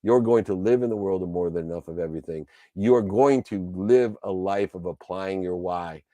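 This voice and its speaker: A male motivational speaker delivering an emphatic, preachy talk built on rhythmic repeated lists. His voice is mellow and warm, and the sound is dry and close. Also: sits low, moderate pace, dry recording. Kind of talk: motivational speech.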